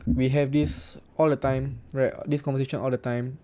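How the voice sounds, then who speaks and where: A young man with a Singaporean English accent hosts a casual forex trading livestream, reading viewer comments. His mellow, dark, middle-pitched voice is delivered flatly at normal speed, chatty, blunt and joking, with "right" repeated constantly.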